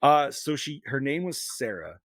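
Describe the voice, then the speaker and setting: A middle-aged man co-hosts a podcast, telling long, rambling, profanity-filled stories in casual chat. His mid-range voice is very animated and moves at a normal speed, recorded with no echo.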